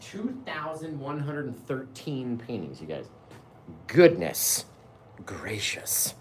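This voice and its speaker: A man's voice: medium pitch, echoey room, slight background noise. A man hosting a live painting show, chatting casually with viewers, reading their comments aloud and laughing often.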